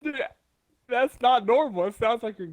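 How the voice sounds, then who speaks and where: A man co-hosting a casual podcast, who usually talks quickly and stutters. He is trying to slow his speech down and pronounce each word on purpose. His voice is recorded on a dry, close mic. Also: very high-pitched, expressive, dry recording. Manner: stutters, talks fast, deliberately slowing down. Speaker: podcast co-host. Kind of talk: casual chat.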